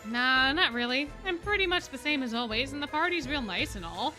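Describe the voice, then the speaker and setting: A woman's voice: high-pitched, animated, brisk, bright, forceful tone, faint music behind. A woman reading game dialogue as a sulky, defensive teenage schoolboy who grumbles in casual slang.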